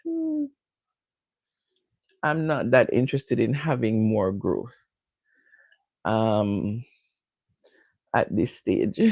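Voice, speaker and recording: A woman's voice: extremely low pitch, darkish tone, no echo. A middle-aged woman with a Jamaican accent chatting casually with viewers during a live hair care stream, laughing often and answering them directly.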